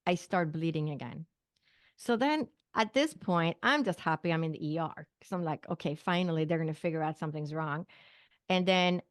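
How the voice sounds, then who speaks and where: A middle-aged woman from Sweden speaks as an interview guest, recounting events vividly and slipping into the voices of people in the story. Her voice sits slightly low. The sound is dry and close, with no room around it. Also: dry recording. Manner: vivid retelling with quoted dialogue and small laughs. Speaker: guest, naturopathic physician and psychic medium. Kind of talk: personal story told in an interview.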